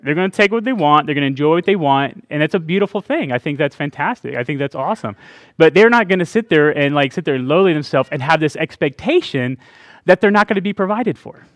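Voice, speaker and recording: Man, middle-aged, pastor, conversational sermon, slightly high pitch, dry close sound. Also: animated, fast talker, no room sound. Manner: chatty, laughing asides, many "right?" checks.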